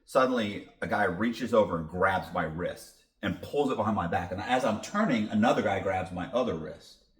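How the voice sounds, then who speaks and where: Animated low-voiced man in a roomy space. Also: moderate pace, recorded from a distance. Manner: animated, blunt, swears freely. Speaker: podcast guest. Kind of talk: casual storytelling. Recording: roomy echo.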